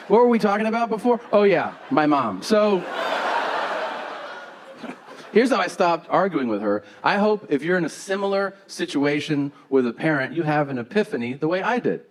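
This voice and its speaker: A man's voice: fairly high pitch, big pitch swings, moderate pace, a little hiss or hum. A man doing stand-up on a stage, telling stories in a sarcastic, profane, conversational way. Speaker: stand-up comedian. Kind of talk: stand-up storytelling. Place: comedy stage before a live audience.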